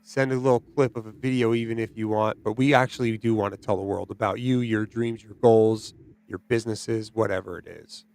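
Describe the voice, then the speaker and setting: A man hosting a podcast, chatting casually and telling stories in an animated way, often tagging his sentences with "right?" and "dude". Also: fairly low pitch, a little fast, smooth. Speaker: podcast host. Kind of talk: casual chat.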